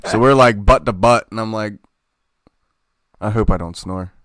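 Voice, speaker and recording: A young man co-hosting a podcast tells a story in casual conversation, animated and swearing constantly as he acts out the quotes. His fairly low voice moves at a normal speed, recorded at studio quality with no room sound.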